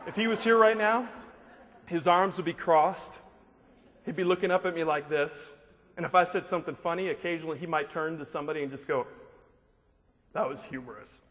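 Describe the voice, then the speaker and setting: A man's voice: a little high, a little fast. A man giving a humorous motivational speech, telling jokes and stories to a live audience in a large hall. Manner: joking, animated storyteller. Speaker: motivational speaker. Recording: long hall reverb, faint noise.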